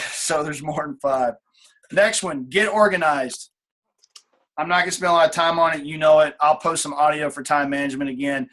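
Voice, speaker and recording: A man's voice: fairly high pitch, fairly bright tone. A man in his late thirties leading a motivational team call, blunt and casual, swearing freely and repeating his key points. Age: late 30s. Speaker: team leader on a coaching call.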